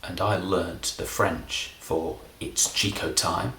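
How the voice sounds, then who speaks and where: Deep-voiced middle-aged english guy doing a rambly deadpan magic bit, roomy sound with a bit of hiss. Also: slow pace, creaky. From England. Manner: deadpan, self-deprecating, meandering. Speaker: comedy magician. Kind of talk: rambling comedic monologue.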